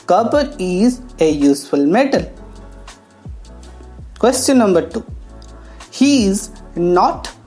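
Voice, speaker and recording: A woman teaching English grammar, talking slowly and explaining each step with pauses. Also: mid-range voice, big pitch swings, mellow. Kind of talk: classroom lesson narration. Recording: faint background music.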